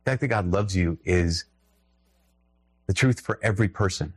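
Husky low-voiced man preaching casually. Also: normal speed, dry recording. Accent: Minnesotan. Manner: conversational and emphatic, with restarts and little laughs. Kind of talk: sermon.

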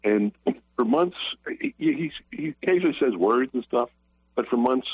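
An older man calling into a radio show, sharing a personal testimony in an earnest, halting way with many restarts. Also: medium pitch, animated, husky. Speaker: caller. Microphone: telephone. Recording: tinny phone line.

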